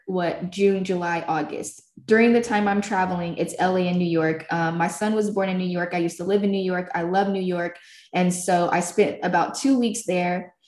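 A woman telling a story in loose, profane casual talk, laughing along the way. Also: mid-range voice. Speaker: filmmaker and podcast creator. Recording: roomy echo.

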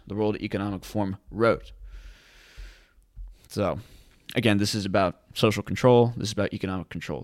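A man's voice: lowish voice, brisk, dry recording, studio quality. A man hosting casual commentary in a sarcastic, rambling way. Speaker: host.

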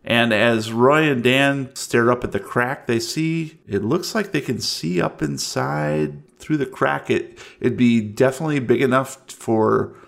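Slow, gravelly game master man. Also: mid-range voice, a bit bright. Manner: slow, measured narration. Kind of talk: narrating a tabletop horror game.

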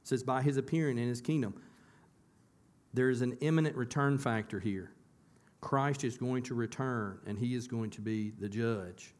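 Medium in pitch and moderate in pace, this slightly mellow male voice belongs to a pastor preaching in church. His sermon is conversational, often posing questions to the congregation and repeating words when he restarts.

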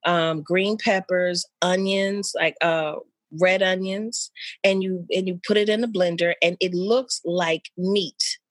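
A woman's voice: on the low side, fairly even intonation, takes it slowly, dry recording. Chatty woman with a dry, close sound. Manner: chatty, loose and rambling with many fillers. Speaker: mother of an eleven-year-old. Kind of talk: casual chat between old friends.

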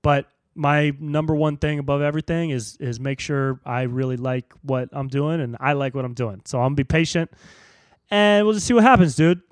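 A young man hosting a solo podcast, ranting in a profane, animated way and jumping into squeaky high voices for jokes. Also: moderate pace, smooth, dry recording. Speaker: podcast host.

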